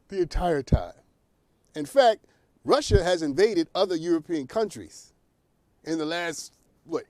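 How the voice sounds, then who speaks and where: A man's voice: a little high, a little mellow, dry recording. A man from New York hosting a talk show, giving opinionated commentary straight to his viewers, often laughing at his own points.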